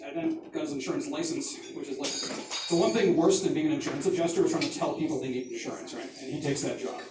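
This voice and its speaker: A man in his forties telling stand-up stories in a loose, rambling, self-mocking way. His voice sits a bit high for a man. He's picked up from a distance in a very echoey space with plenty of noise around. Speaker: comedian. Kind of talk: stand-up comedy.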